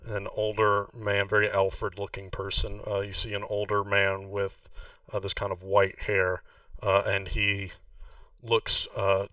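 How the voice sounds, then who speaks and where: A man running a tabletop game, rambling through his narration with frequent fillers. His lowish voice sounds bright yet distant and muffled, in a dry space. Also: monotone, unhurried, clean tone, dry recording. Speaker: game master.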